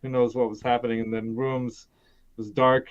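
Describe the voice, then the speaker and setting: Male stream host, middle pitch, rambling chatty delivery, lo-fi dull audio. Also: little pitch movement, moderate pace, smooth. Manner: rambling, laughs often, many restarts. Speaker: host of a gear live stream. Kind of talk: casual live-stream chat.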